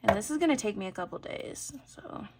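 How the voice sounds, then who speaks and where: A woman chatting casually through a bead necklace tutorial as she works at her desk mic, thinking aloud and trailing off into soft mutters. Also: mid-range voice, lively intonation, a little fast, noisy background. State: has the hiccups. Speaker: jewelry-making channel host. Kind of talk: casual craft tutorial chat.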